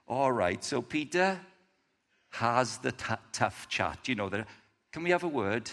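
A man's voice: medium pitch, animated, a little slow, fairly bright tone. A man preaching a sermon to a gathered audience, telling a story with animation and putting questions to his listeners. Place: meeting room or church, evening. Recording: reverberant hall.

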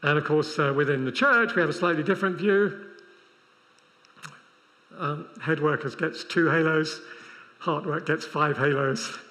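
A man preaching to a large convention crowd, conversational and dryly funny, slipping in self-mocking asides. His voice sits a little higher than most men's. The sound carries the long reverb of a big hall. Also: a bit bright. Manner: conversational with wry humorous asides. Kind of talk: sermon.

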